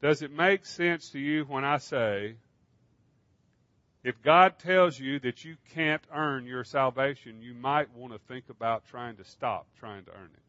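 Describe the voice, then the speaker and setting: A man's voice: medium pitch, unhurried, fairly bright tone, no room sound, lo-fi sound. A man preaching a sermon, earnestly asking his listeners questions. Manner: earnest, asks the congregation questions. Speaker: pastor.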